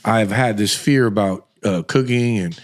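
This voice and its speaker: Rambling, animated male podcast host. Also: on the low side, moderate pace. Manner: rambling, animated storytelling with many restarts. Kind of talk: casual conversation.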